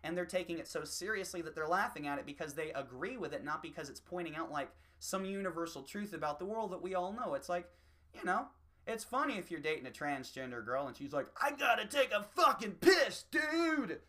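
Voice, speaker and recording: A man delivering a rambling, swear-filled opinion rant, slipping into quick mocking voices. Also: on the high side, animated, fairly bright tone. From United States. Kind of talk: profane opinion rant monologue.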